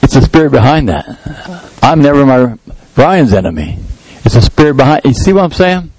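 A man's voice: mid-range voice, lively intonation, moderate pace, darkish tone, husky, no echo, low-quality recording. Middle-aged male pastor, mid-range voice, dry close sound, talky sermon with prayerful bursts. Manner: conversational preaching, rises to emphatic prayer. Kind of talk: sermon with live demonstration.

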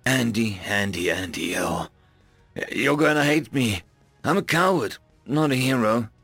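A man voicing a shaken human man who sees himself as a coward, telling his story in a rueful, halting way. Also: medium pitch, lively intonation, a bit bright, husky, dry recording, soft background music, full character voice.

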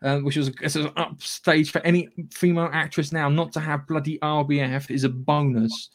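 A man's voice: a little high, fairly even intonation, fairly quick. A man co-hosting a podcast in casual chat, blunt and sweary, rambling with frequent restarts. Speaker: podcast co-host.

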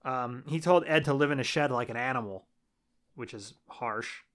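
A man's voice: mid-range voice, moderate pace, a bit bright. A man co-hosting a casual movie review podcast, laid-back and swearing freely. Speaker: podcast co-host.

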